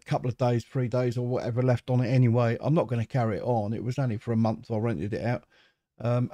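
A man's voice: medium pitch, dark tone, no room sound, studio quality. A middle-aged man from England, talking casually and rambling as he comments on his own truck game play. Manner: chatty, rambling, self-mocking. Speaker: gaming channel host.

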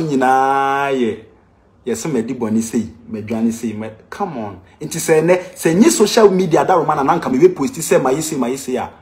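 Animated Ghanaian man, impassioned. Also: mid-range voice. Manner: emphatic, with repeated rhetorical questions. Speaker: teacher. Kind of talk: impassioned complaint to camera.

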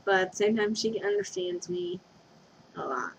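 With huge pitch swings and vocal fry, her mid-range voice moves at a moderate pace. The young vlogger rambles through a home confession, giggly and scatterbrained, losing her thread often. It's a dull lo-fi webcam recording with slight background noise.

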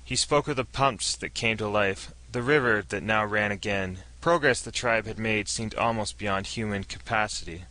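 A man narrating a science fiction story in a steady storytelling read. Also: fairly low pitch, moderate pace, hardly any pauses, no room sound, rough recording.

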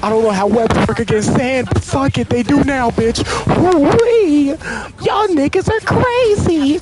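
A young man streaming a video game, reacting with loud excited exclamations and profane trash talk at the enemies. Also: extremely high pitch, unhurried, very noisy. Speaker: gaming streamer. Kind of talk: live gameplay commentary. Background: loud game music.

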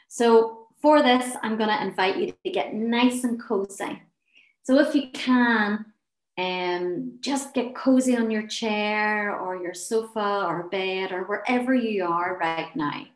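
Woman, wellness session leader, soothing and encouraging, unhurried, echoey room. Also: medium pitch. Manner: gentle, encouraging, soothing instructions. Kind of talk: guided laughter and relaxation session.

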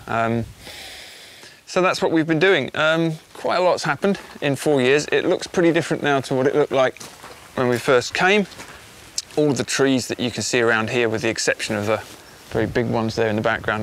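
A middle-aged English man speaking outdoors in a reflective documentary interview, measured and thoughtful, pausing with fillers as he thinks. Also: mid-range voice. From England. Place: outdoors on rural land. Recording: faint hiss under the voice.

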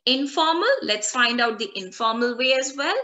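A woman teaching a French lesson online, repeating each word slowly so learners can copy it. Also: fairly high pitch, sharp tone. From India.

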